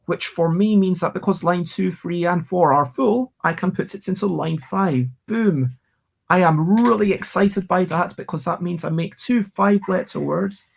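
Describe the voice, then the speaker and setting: Slow-talking streamer, excitable. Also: mid-range voice, vocal fry, slight background noise. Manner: chatty, warm thanks to viewers, excitable bursts. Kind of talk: live-stream chat while playing a word game.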